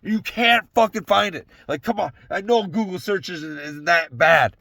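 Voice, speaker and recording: A young man talks alone from his truck, ranting loosely and swearing at every turn. His voice sits high and has a gravelly edge. The sound is dry and close, with no room echo. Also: normal speed, bright, forceful tone. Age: young adult. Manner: profane, rambling, heated. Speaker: solo podcast host. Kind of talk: casual solo rant.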